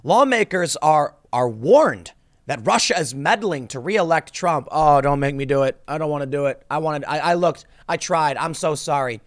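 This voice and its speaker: A man's voice: fairly high pitch, animated, normal speed. A man in his thirties hosting a solo commentary video, ranting in an exasperated, sarcastic way. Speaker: political commentator.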